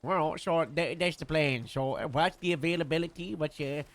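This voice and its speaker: Gravelly, hesitant man as a police captain. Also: a little high, moderate pace, fairly bright tone, no room sound. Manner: hesitant, full of uh and restarts. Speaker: police captain in role-play. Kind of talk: in-character role-play chat.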